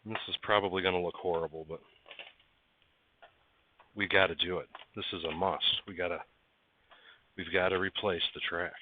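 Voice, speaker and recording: With a low pitch and steady tone, a man talks at a moderate pace and pauses often, with some background noise behind him. He's a livestream host in an indoor workshop barn, chatty, greeting viewers by name and coaxing parts as he works, recorded with a dry, tinny phone-like sound.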